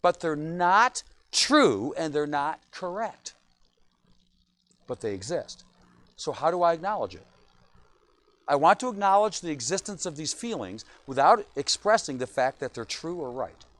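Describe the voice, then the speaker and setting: Animated high-voiced man preaching a sermon. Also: measured pace. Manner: animated, acts out quoted churchgoers in voices. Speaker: pastor. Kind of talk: evening sermon.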